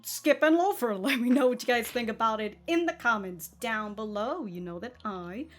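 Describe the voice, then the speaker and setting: Chatty woman with a bright, high voice. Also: lively intonation, moderate pace. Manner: chatty, laughs often, stumbles and restarts. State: feeling hot. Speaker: anime reaction host. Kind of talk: casual reaction commentary.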